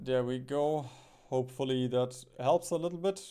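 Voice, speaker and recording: A young man streams a strategy game, thinking out loud as he plays, musing and chuckling often. His voice sits at a medium pitch and moves at a moderate pace, warm and smooth in tone.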